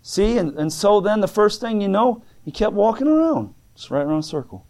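A male preacher with a somewhat high voice, delivering a sermon in a fervent, folksy way. He tells homely stories in plain speech and swings from soft pleading to ringing calls. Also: big pitch swings, a little fast. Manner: folksy plain-spoken storytelling. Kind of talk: sermon answering written questions.

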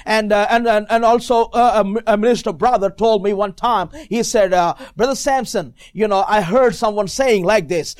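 A man with a non-native English accent preaching a sermon as a visiting minister, with many fillers and bursts of shouted praise. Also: sits high, normal speed, few pauses. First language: not English.

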